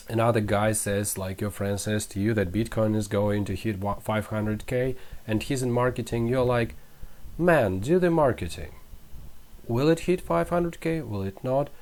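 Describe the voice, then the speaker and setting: Man rambling crypto host. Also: a little hiss or hum. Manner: rambling, self-mocking, animated swings in pitch. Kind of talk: casual commentary over charts.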